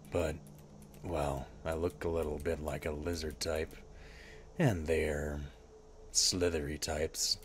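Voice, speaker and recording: Gruff, wry lizard-folk adventurer, put on by a man for in-character game commentary, deep and dry, faint hiss behind. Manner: dry sarcastic asides. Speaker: streamer.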